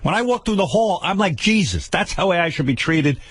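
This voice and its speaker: A man's voice: sits high, expressive, a little fast, fairly bright tone, slightly rough, no room sound. An older man hosting a radio show, ranting with profane sarcasm and stammered repeats. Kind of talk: angry on-air rant. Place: radio studio.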